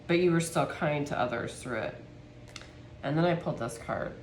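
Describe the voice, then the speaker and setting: A woman giving a spiritual tarot reading to her viewers, speaking softly and with heartfelt emotion. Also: low-pitched, expressive, moderate pace, roomy sound, slight background noise. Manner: soft, heartfelt, gets emotional. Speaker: tarot reader.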